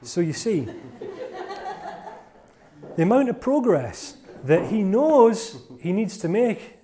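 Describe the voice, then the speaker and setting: A man leads a live seminar, playful and jokey, teasing the volunteers he calls up. His voice sits a touch high and swings widely in pitch, full of animation. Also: sing-song, slow, dark tone. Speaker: motivational speaker. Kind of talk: live seminar talk to an audience.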